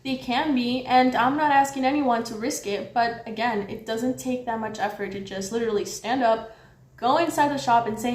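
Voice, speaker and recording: A young woman telling a storytime vlog with lots of swearing, animated and quick to get loud when heated. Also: a little high. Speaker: vlogger. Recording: roomy echo with faint background noise.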